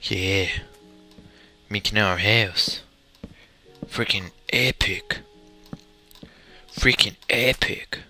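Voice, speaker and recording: A man's voice: on the low side, drawn-out words, long pauses, sharp tone, faint music behind. A young man giving casual, rambling commentary while playing a building game, muttering to himself and swearing mildly. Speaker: gamer commentator.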